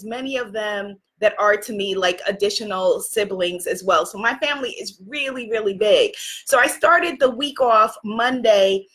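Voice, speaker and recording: Effusive bright-voiced woman hosting a livestream. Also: fairly high pitch. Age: 40s. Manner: effusive, greets viewers by name, inspirational. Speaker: spiritual livestream host. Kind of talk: casual livestream talk. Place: makeshift home studio. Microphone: phone or computer camera.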